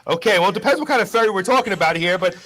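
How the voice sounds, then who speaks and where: A man who reads the news on a radio show, joking around in a self-deprecating, animated way. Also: high voice, rapid-fire. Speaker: news reporter. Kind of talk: casual radio chat.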